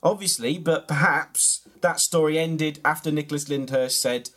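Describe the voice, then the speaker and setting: A man reads out an absurd comic memoir in a deadpan, mock-earnest way. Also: fairly high pitch, normal speed, hardly any pauses. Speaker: comedy podcast host reading his own mock memoir. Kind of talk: deadpan comic reading of a story, then casual chat.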